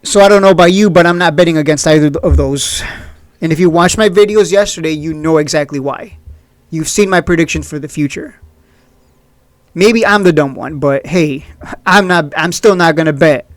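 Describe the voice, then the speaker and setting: A man's voice: a little high, moderate pace, dry recording. A blunt, opinionated man talks through stock picks with a slightly raised voice and a sarcastic edge. He is recorded close and dry, with no room sound at all. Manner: blunt, opinionated, sarcastic, often laughs at critics. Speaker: stock market video host. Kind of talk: casual trading commentary.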